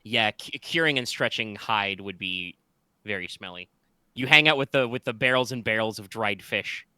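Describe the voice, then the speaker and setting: A man narrating a tabletop game as its game master, his voice bright and smooth. He is close to the mic in a dry room. He wanders through fillers and restarts as he describes the scene. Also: on the low side, normal speed, no echo. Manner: rambling, with many fillers and restarts.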